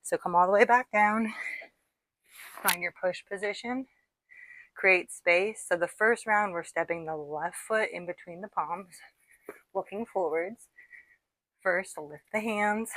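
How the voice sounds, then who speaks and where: A woman's voice: fairly low pitch, a bit bright, no room sound. A woman leading a guided workout, counting out reps and encouraging her class while a little out of breath. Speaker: fitness instructor.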